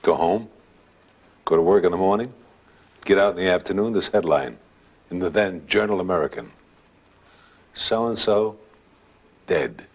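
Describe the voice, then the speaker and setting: A man recounts an eerie experience as a guest storyteller, in a dramatic, chatty way. His voice is low and husky. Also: a little fast, pauses often. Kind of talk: spoken ghost anecdote.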